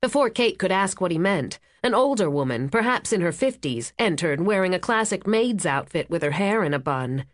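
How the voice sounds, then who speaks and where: A woman narrating a thriller audiobook in an even, steady storytelling manner on a close studio mic. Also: lowish voice, normal speed, few pauses, dry recording.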